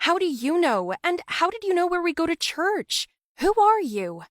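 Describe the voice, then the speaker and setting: A woman's voice: extremely high pitch, big pitch swings, moderate pace, no echo, clean studio sound, voice pushed up. A woman voicing a shy, anxious young woman who believes she is cursed, stammering and flustered. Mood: suspicious.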